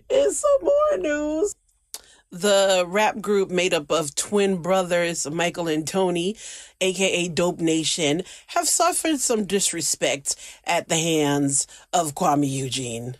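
Woman host, casual profane showbiz commentary, low-pitched, very dry close mic. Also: very animated, slow, no echo. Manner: blunt, profane, laughing asides. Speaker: entertainment news host. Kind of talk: casual celebrity gossip commentary.

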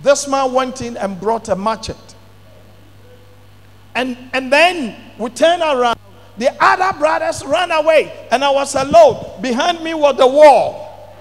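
A middle-aged male pastor, telling a testimony in a sermon with dramatic bursts of shouting. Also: extremely high pitch, a little slow, soft background music. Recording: long hall reverb.

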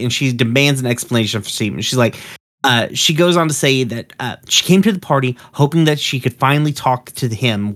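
A man's voice: mid-range voice, fairly bright tone. Rambling man with lots of ums. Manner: rambling, full of ums and uhs, profane. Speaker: episode recapper. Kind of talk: casual recap of a cartoon episode.

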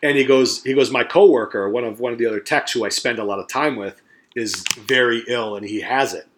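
A man's voice: medium pitch, fairly quick, slight background noise. A middle-aged man and podcast co-host telling a story in casual chat, rambling and swearing freely, and acting out the voices of the people he quotes.

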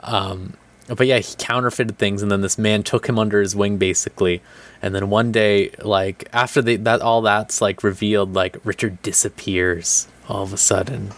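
A man's voice: lowish voice, steady tone, moderate pace, fairly bright tone. A man in casual chat, animatedly retelling a show's plot and acting out the characters' lines. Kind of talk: casual chat recapping a show.

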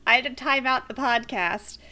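Woman co-host, bright voice, quick to laugh, blunt and a bit profane. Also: sits high. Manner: laughing, blunt, swears casually. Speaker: podcast co-host. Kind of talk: casual chat.

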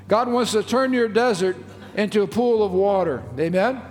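A male pastor with a high voice preaches at normal speed, reading scripture and stretching important phrases to stress them. Faint music plays behind him, and the church sanctuary gives the recording a long reverb.

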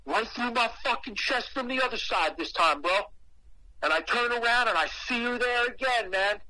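Speaking at a normal pace in a very high voice, a man recounts a story from his own life over poor audio. The telling is casual, foul-mouthed and full of slang as he animatedly re-enacts his own past words.

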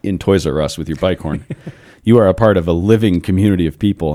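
Male podcast host in his thirties, very deep voice, lively storyteller, casual chat. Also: fast, hardly any pauses. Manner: storytelling, animated, laughs often. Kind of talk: casual philosophical discussion.

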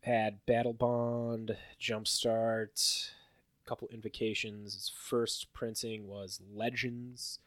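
Dry, low-voiced man chatting casually. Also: slow pace, no echo. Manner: rambling, filler-heavy, animated when listing stats. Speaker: podcast co-host. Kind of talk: casual chat about card game results.

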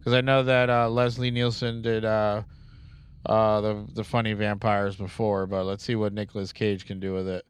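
A man's voice: lowish voice, little pitch movement, normal speed, noisy background. A man co-hosting a podcast in casual chat, laid-back, reading out news items with many fillers. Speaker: podcast co-host.

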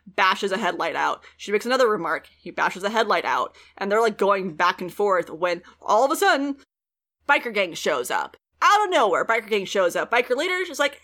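A woman hosting a podcast, retelling TV episodes in an animated, casual way and swearing freely. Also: mid-range voice, normal speed. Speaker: podcast host recapping a TV show. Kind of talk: casual chat.

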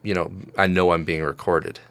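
A man's voice: sits low, little pitch movement, normal speed, fairly bright tone, dry recording. A young man co-hosting a podcast, chatting casually and self-deprecatingly, often slipping into mock voices. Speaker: podcast co-host. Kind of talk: casual chat.

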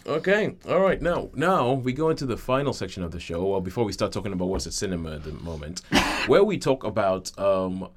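Low-voiced man hosting a casual podcast. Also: sing-song, brisk, hardly any pauses. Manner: rambling, filler-heavy, loosely structured. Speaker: podcast host. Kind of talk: casual film chat.

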